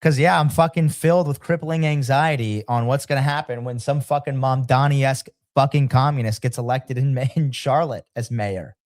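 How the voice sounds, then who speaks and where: A man's voice: medium pitch, moderate pace, hardly any pauses, a little mellow, dry recording, studio quality. A man on a podcast, ranting bluntly and swearing constantly in heated casual chat.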